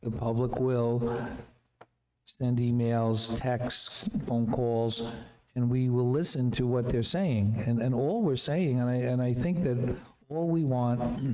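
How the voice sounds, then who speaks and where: A man on a school board speaking in a halting, conciliatory way, with many fillers. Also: medium pitch, mellow, reverberant. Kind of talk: board meeting discussion. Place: meeting room.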